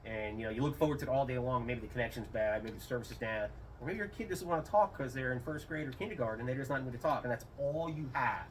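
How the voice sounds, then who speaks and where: A fast-talking, middle-aged retired airman barely pauses as he rambles through stories for a casual interview, raising his voice when quoting with animation. His voice is mid-range. The recording has a slightly distant mic and faint room noise.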